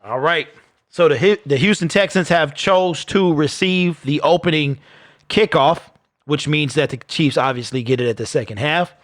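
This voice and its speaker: A man's voice: on the high side, moderate pace, fairly bright tone, dry recording, studio quality. A man hosting a live football watch party stream, chatting casually and joking with viewers. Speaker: sports watch party host.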